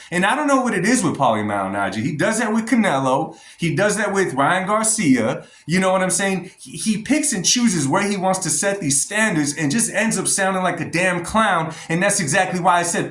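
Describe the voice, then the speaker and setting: A man's voice: high voice, big pitch swings, normal speed, fairly bright tone. A man giving blunt, emphatic opinions in a commentary vlog, talking straight to his viewers. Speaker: boxing vlogger. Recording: roomy echo.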